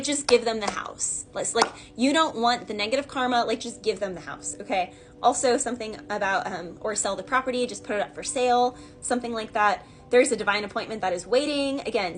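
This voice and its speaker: A woman with a fairly high voice talks her way through a tarot reading. She wanders off into asides and fills the gaps with fillers. Soft music plays faintly underneath. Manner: rambling, chatty, full of fillers and asides. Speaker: tarot reader. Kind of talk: casual channeled tarot reading.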